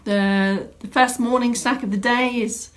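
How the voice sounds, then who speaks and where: A woman's voice: on the high side, steady tone, a little slow. A woman fitness instructor, chatting and greeting viewers by name at the start of a live online exercise class from a home room. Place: home room set up as studio.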